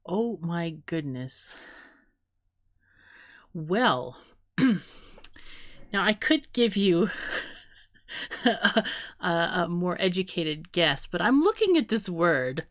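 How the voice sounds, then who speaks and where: A woman's voice: on the low side, sing-song, extremely slow, long pauses, no echo, studio quality. A woman co-hosting a casual podcast, laughing often and rambling through playful guesses. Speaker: podcast co-host.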